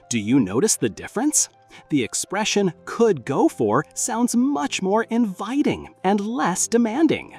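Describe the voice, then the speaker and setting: A narrator reading a scripted English lesson in a lively, emphatic explaining manner. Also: medium pitch, unhurried, slightly rough, faint music behind. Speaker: English teacher.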